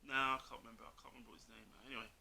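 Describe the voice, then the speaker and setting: A man's voice: medium pitch, flat delivery, rapid-fire, vocal fry, sharp tone. A man arguing about football in a casual chat, bluntly, calling the other speaker mate over and over. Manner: blunt, argumentative, says "mate" constantly. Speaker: co-host, Liverpool fan.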